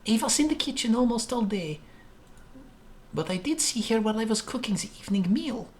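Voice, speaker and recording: A man's voice: high-pitched, animated, brisk, a little hiss or hum, voice pushed up. A man voicing a grumpy old Russian babushka cook in a game, blunt and dismissive, with a put-on Russian accent. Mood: grumbly.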